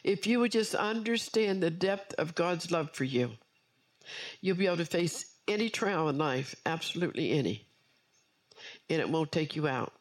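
A woman's voice: on the low side, animated, normal speed. A woman preacher delivering an earnest sermon with personal testimony, repeating key phrases for emphasis.

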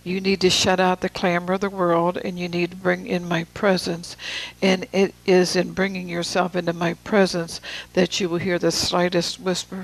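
Gravelly, flat-voiced preacher. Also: mid-range voice, poor audio. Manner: deliberate, slow emphasis with conversational asides. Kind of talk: sermon with scripture reading.

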